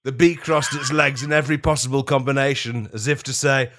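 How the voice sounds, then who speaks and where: A young man in casual comedic chat, reading absurd stories deadpan and giggling. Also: medium pitch, brisk. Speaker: podcast co-host.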